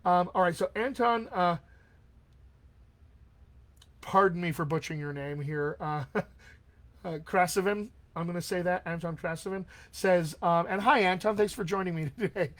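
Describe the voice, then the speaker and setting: A man's voice: sits high, normal speed, pauses often, fairly bright tone. Chatty, encouraging male dialect coach. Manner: encouraging and conversational, many fillers. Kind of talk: live-stream Q&A, answering viewer questions. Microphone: webcam or desk mic on a live stream.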